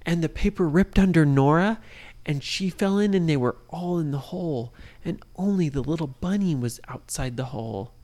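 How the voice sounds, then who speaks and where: A woman improvising a bedtime story for a child, lively and singsong, often pausing to ask the child questions. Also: deep voice. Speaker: parent telling a bedtime story.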